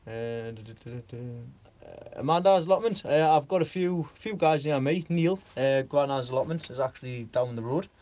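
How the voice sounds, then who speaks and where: A man's voice: medium pitch, moderate pace, hardly any pauses, a little mellow. A man chatting on a gardening live stream, rambling with lots of fillers and frequent giggles. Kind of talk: casual live stream chat.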